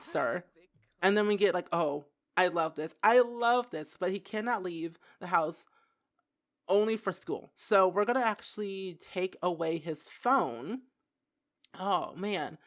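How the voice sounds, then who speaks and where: A young woman giving casual gameplay commentary who giggles, gets excited and says "like" a lot. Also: medium pitch. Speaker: gaming video creator.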